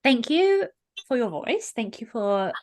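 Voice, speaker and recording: A woman's voice: fairly high pitch, big pitch swings, takes it slowly, darkish tone. A woman hosting a podcast, bubbly, effusive and playful in casual chat. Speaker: podcast host.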